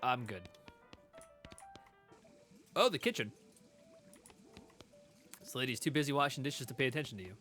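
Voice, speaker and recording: A man streaming a video game, chatty and quick to laugh as he reads along and talks to chat. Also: mid-range voice, animated, bright, forceful tone, faint music behind. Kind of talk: casual let's-play commentary.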